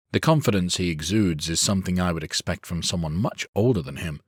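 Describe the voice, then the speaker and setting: A man reading a first-person fantasy audiobook in a measured, steady storytelling manner. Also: low-pitched, breathy edge, dry recording, studio quality. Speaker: audiobook narrator.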